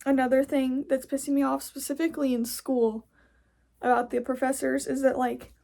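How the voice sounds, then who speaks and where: Ranting casually on her podcast, this young adult host from the US delivers a blunt monologue laced with profanity. Her high-pitched voice carries a gravelly fry, and her fed-up mood comes through in a flat delivery that still has a warm tone, at an ordinary pace.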